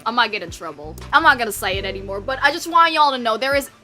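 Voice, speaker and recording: Bubbly, high, lively young woman streamer. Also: fast talker, over music. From United States. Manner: bubbly, swearing, self-mocking rambling. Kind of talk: casual chat reading live chat.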